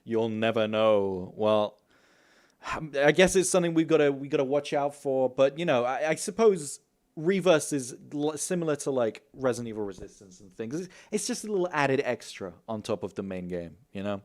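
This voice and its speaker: A young man hosting a gaming news livestream, talking quickly and casually, swearing and laughing often. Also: medium pitch, animated. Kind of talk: casual live-stream chat.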